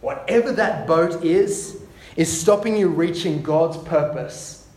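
A man preaching a sermon, often repeating words as he goes and dropping to soft, hushed tones. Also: high-pitched, slow. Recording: echoey room with faint ambience.

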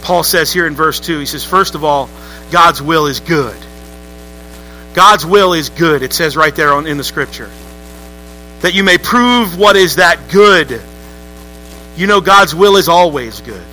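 A pastor preaches with a high, piercing voice and a very bright edge. He moves between an easy storytelling tone and emphatic high peaks. Soft music and a faint hum sit under his voice in the church. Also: lively intonation, a little slow, long pauses, low-quality recording. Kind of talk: sermon. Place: church sanctuary.

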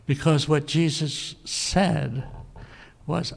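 A male preacher giving a sermon, telling a scripture story earnestly and often clearing his throat. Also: on the high side, slow. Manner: earnest storytelling, animated when quoting scripture.

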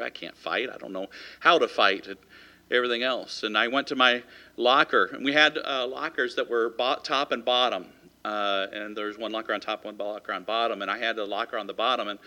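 A man pastor tells a story from the pulpit, folksy and loose, with lots of fillers. His voice is very bright and forward, sitting at an ordinary middle pitch for a man. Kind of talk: sermon with personal story.

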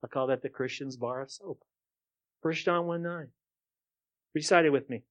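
A male pastor preaching a sermon to his congregation, dropping to quiet murmurs and then building to loud, rising rhetorical questions. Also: a little high, normal speed, pauses often. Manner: addresses the congregation directly, asking for responses.

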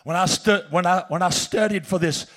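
A man preaching a sermon in church, telling a personal story and swinging from shouts down to hushed whispers. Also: high-pitched, normal speed. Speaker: pastor. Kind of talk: sermon testimony.

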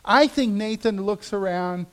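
A man preaching a sermon as pastor, dramatic in delivery, dropping to a hush for emphasis and rising again. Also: high voice, unhurried. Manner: dramatic, drops to a hush for emphasis then rises.

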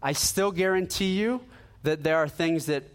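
A man's voice: a little high, moderate pace. A man preaching a sermon in an earnest, conversational way, acting out the dialogue in his personal stories. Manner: animated storytelling, acting out dialogue.

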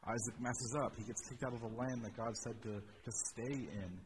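Male preacher, mid-pitched, informal sermon delivery with restarts and wry comments; steady ambient hiss behind. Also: normal speed. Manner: informal, repeats words, wry asides. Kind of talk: conversational sermon on scripture. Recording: steady background ambience noise.

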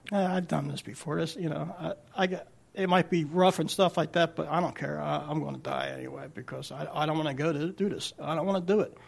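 Brief: worn-out male prophet, low and resigned, gravelly mumble, from a preacher. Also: a little fast, full character voice. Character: weary defeated male prophet, sulking below deck.

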